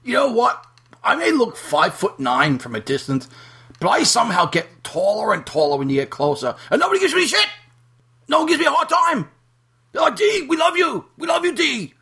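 A man's voice: high voice, huge pitch swings, normal speed, slightly rough, pitched above the performer's own voice, exaggerated voice. A man doing a ranting, boastful rock star. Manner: ranting with shouted outbursts and stammering repeats. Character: brash foul-mouthed boastful aging male rock star. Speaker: podcast host. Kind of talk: comedic impression on a podcast.

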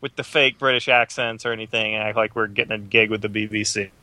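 Very bright-voiced chatty man. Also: lowish voice, fairly even intonation, fast, no room sound. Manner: laughing, chatty. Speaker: podcast co-host. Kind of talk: casual joking chat.

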